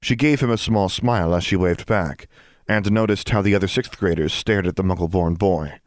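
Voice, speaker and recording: Deep-voiced man narrating an audiobook. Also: normal speed, no echo, studio quality.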